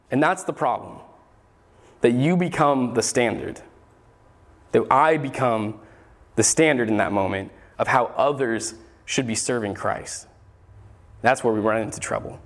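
A man preaching an earnest sermon in a voice a bit higher than most men's. He talks his way through the passage and often restarts a phrase before he goes on. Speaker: pastor.

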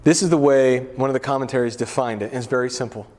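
A man's voice: mid-range voice, quick pace, a little mellow. A middle-aged male pastor preaching a casual, conversational sermon, full of asides, fillers and family stories.

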